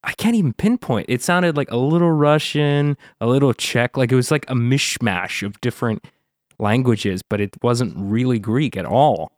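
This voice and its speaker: A man hosts a casual podcast at an ordinary pitch, recapping episodes briskly with a wry, sarcastic edge. The sound is dry and close, with no room around it. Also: no room sound. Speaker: podcast host.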